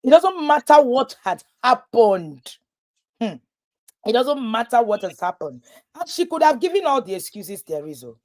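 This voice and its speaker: A woman's voice: on the high side, normal speed. A woman, a parenting coach talking to parents in a live webinar, telling stories and acting out what people said. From Nigeria. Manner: lively storytelling, acting out quoted voices.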